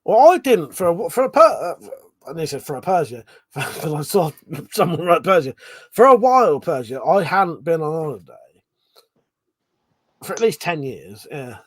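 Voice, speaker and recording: A man's voice: on the high side, big pitch swings, moderate pace. A man hosting a casual late-night live stream chat, rambling, swearing a lot and laughing often.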